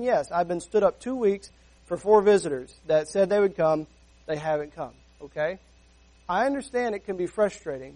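High-voiced earnest preaching pastor. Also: male voice, darkish tone, poor audio. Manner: earnest, conversational preaching with rhetorical questions; acts out everyday dialogue in quick asides. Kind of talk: sermon.

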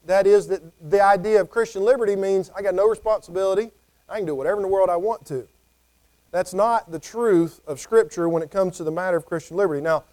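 A man's voice: high voice, a little mellow. A man preaching a conversational sermon, often acting out what people might say. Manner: conversational, acts out quoted voices.

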